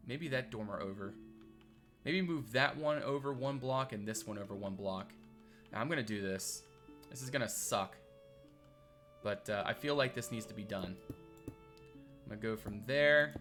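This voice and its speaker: A man's voice: mid-range voice, bright, forceful tone. A man streaming live, thinking aloud as he builds and chatting back to his viewers in a rambling, casual way. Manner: rambling, thinks aloud, reads and answers chat.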